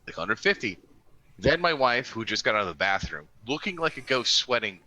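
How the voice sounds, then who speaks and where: A man's voice: fairly low pitch, fast talker, sharp tone, poor audio. A middle-aged man joking crudely and mocking himself in casual podcast chat. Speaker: podcast co-host.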